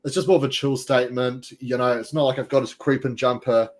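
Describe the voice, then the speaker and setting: A man's voice: medium pitch, fairly even intonation, quick pace. A man hosting a casual podcast, teasing his guests with puns. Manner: jokey, teasing, punning introductions. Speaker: podcast host.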